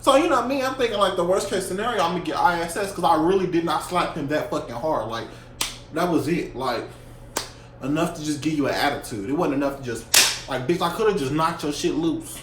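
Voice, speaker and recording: A young man telling a story from his school days in a casual storytime vlog, animated and heavy with profanity and slang. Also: on the high side, fairly quick. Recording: echoey room with faint hum.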